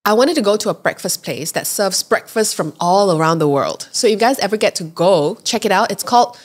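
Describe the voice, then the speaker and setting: Malaysian lady podcast host, casual storytelling, acts out the voices in her stories. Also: medium pitch. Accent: Malaysian English. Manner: lively storyteller who acts out quoted voices.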